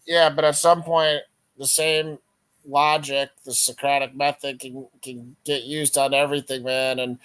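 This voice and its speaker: A man in a casual debate on an open panel, arguing his side animatedly and acting out quick imagined exchanges. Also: mid-range voice, little pitch movement, a bit bright, smooth, dry recording. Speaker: Christian apologist on an open panel.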